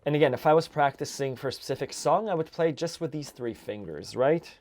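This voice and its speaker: A man teaching an accordion lesson, explaining chords and counting beats in a relaxed way. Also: fairly high pitch, brisk. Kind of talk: music lesson. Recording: accordion music loud in background. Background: accordion playing.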